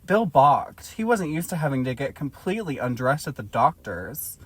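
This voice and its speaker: A woman's voice: rumbling low, very animated, moderate pace, slightly rough. A woman podcast host reading a book aloud and breaking off to joke about it, swearing freely in casual comedic chat.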